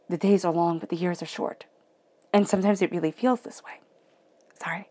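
Gravelly-voiced woman giving an emotional tarot reading. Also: medium pitch. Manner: soft, emotional, drops into near-whispers. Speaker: tarot reader. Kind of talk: guided spiritual reading.

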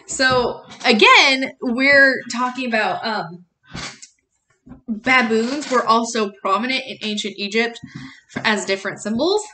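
A woman reading a novel chapter aloud as a teacher, plain and unhurried, correcting herself and adding short explanations. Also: on the high side, a bit bright.

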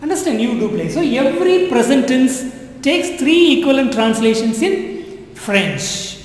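High, lively woman teaching slowly in an echoey room. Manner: repetitive, coaxing learners to translate. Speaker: French teacher. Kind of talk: classroom-style language lesson. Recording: echoey room with long reverb.

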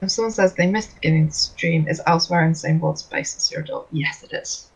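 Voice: medium pitch, fast, husky. A stream host reading out viewer questions and explaining things at length, with many fillers. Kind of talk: casual stream Q&A. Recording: dull, lo-fi stream audio.

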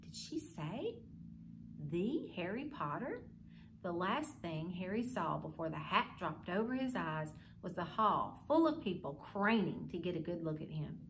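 A woman's voice: fairly low pitch, lively intonation, normal speed, few pauses, fairly bright tone, slight background noise. A woman hosting a children's library club, reading a story aloud and showing a simple craft in an upbeat, kid-friendly way.

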